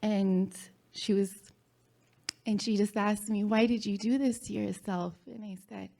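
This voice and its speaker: A woman shares a personal story at a live storytelling event, speaking slowly with a mellow, warm tone. She is halting and heartfelt, pausing on fillers and letting small laughs slip through. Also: mid-range voice, fairly even intonation, creaky.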